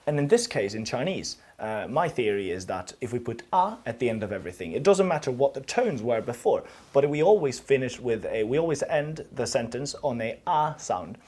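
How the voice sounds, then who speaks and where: A man talks through a casual video language lesson at a middle pitch. He explains his ideas in a musing, halting way, restarting phrases as he thinks aloud. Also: a little mellow. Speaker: language teacher.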